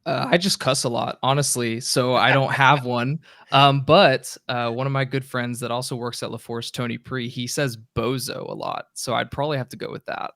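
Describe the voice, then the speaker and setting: Gravelly relaxed man from Texas. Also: mid-range voice, normal speed, few pauses, dry recording, studio quality. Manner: relaxed, lots of fillers like "you know". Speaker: guest DJ. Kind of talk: casual chat.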